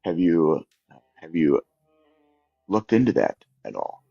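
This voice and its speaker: Deep husky man, muffled sound. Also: sing-song, takes it slowly, mellow, no room sound. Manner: tentative questioning. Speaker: panelist. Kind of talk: casual conversation.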